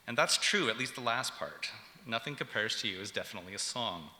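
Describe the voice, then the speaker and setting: Bright-toned male lecturer in an echoey hall. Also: medium pitch, animated. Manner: measured, explanatory, with frequent ums and uhs. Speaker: professor lecturing. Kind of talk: public lecture. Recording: echoey hall with long reverb.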